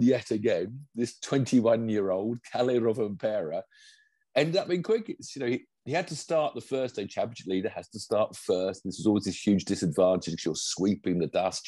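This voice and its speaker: Low, mellow man rambling enthusiastically. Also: normal speed, slightly rough, dry recording. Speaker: podcast co-host and pundit. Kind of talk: casual chat.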